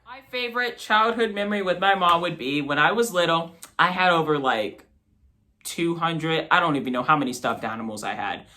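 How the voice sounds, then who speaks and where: An eighteen-year-old man hosting a vlog, telling casual, animated stories about his mother to the camera. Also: fairly quick. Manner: animated, mimics his mother with jumps in pitch. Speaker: vlog host.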